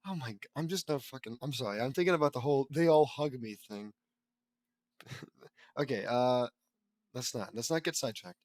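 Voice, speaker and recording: A young man reading a fan fiction audiobook aloud, stumbling over words and mocking the text in casual asides, louder on character lines. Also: medium pitch, normal speed, pauses often, no room sound. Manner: flat tags, bursts louder on character lines.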